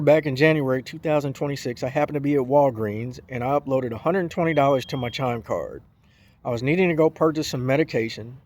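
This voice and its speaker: Indignant man telling a complaint. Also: fairly high pitch. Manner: indignant storytelling, acts out both sides of a phone call. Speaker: vlogger. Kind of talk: casual opinion monologue.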